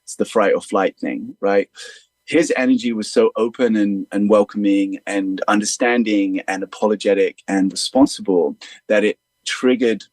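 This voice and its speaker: A man's voice: lowish voice, fairly even intonation, moderate pace, darkish tone, dry recording. A man, a musician guest, telling stories in an earnest, rambling way with many fillers. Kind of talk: reflective storytelling in conversation.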